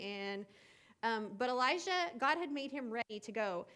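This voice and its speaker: A woman teaching children at a camp gathering, retelling a Bible story in a chatty, animated way with asides and filler words. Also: fairly high pitch, normal speed.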